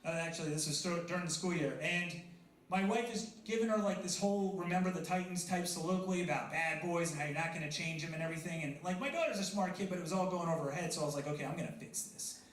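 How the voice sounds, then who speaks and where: Man, stand-up comic, high voice, chats with the crowd, echoey coffee house stage. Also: fast talker. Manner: self-deprecating, chatty with the crowd. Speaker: stand-up comedian. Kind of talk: stand-up comedy set. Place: coffee house stage before a live audience. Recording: roomy live venue sound.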